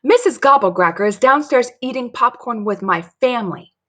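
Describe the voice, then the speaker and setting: A stubborn, spirited little girl tells her tale with excited emphasis, as a woman reads her aloud. Her voice swings widely in pitch and has a faint husky edge. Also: a little slow, heavily acted.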